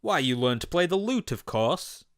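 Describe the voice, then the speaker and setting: A male reviewer rants through a cartoon in comedic commentary, sarcastic and incredulous, with plenty of swearing. His voice sits slightly high. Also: big pitch swings, moderate pace, over music.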